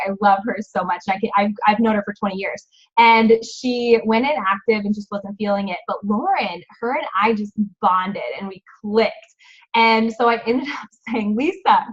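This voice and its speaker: A woman hosting a team coaching video call, chatty and encouraging, rambling a little as she talks. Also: on the high side. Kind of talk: upbeat team call talk. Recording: dull lo-fi video call audio.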